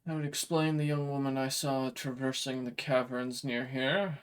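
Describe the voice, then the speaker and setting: A man voicing a calm, measured male dragonkin stranger in a tabletop game. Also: medium pitch, smooth, natural voice.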